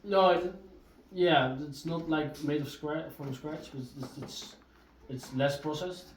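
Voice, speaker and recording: A young man from the Netherlands, a native Dutch speaker, answering interview questions in a halting way with many fillers and restarts. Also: on the high side. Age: young adult. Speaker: exchange student guest. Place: home during a live blog-cast. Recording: roomy sound from a distance.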